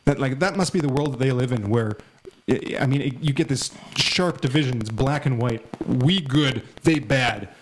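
A man's voice: mid-range voice, moderate pace, background noise. A man in casual political chat, heated and scornful, rambling with many restarts. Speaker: podcast co-host.

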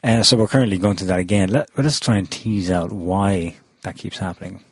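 A man's voice: deep voice, fairly quick, husky, dry recording. A man hosting a casual panel discussion, chatty with frequent ums and restarts. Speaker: podcast host.

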